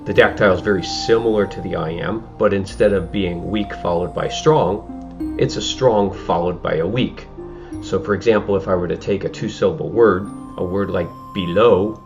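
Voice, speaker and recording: A man with a very deep voice teaches a recorded high school English lesson. He explains in a conversational way with fillers, over a slightly muffled recording with music playing clearly behind him. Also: moderate pace.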